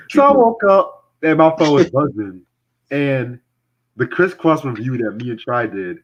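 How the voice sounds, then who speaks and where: A young man with a husky, mid-range voice hosts a loose podcast conversation, swearing freely and laughing often as he talks. The recording sounds dull and lo-fi. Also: medium pitch, very animated, measured pace. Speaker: podcast host and music reviewer. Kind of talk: casual profane podcast chat.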